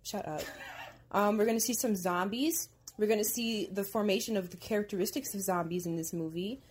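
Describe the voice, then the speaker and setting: A woman's voice: medium pitch, fairly quick. Chatty young woman podcast host. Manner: chatty, teasing, laughs often. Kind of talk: casual chat while watching a movie.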